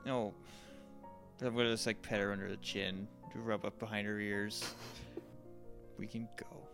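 A young man playing a tabletop game, animated, dramatic and playful as he describes what his character does. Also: on the low side, moderate pace, over music. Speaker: player.

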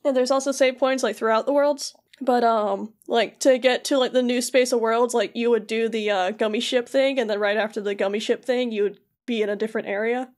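A woman's voice: on the high side, fairly even intonation, a little mellow. A young woman co-hosting a podcast, recapping a video game in loose, rambling chat full of fillers, briefly voicing the characters. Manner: rambling, filler-heavy storytelling with quick voiced asides. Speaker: podcast co-host.

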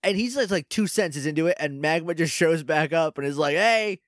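Slightly high and a touch fast, this man's voice sounds clean with no echo in the studio. As a podcast co-host he casually recaps an episode, staying animated and doing funny character voices.

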